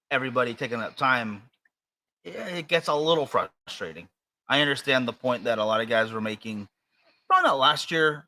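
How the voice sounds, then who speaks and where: A man's voice: medium pitch, sharp tone. A man with an American accent co-hosting a podcast in casual chat, rambling and hesitant with many fillers and restarts. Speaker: podcast co-host.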